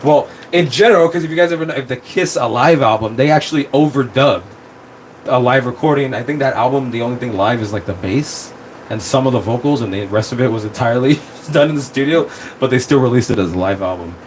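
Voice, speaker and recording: Male streamer, mid-pitched, rambling and profane, phone mic with a faint hum. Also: fast, low-quality recording. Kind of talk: casual livestream chat.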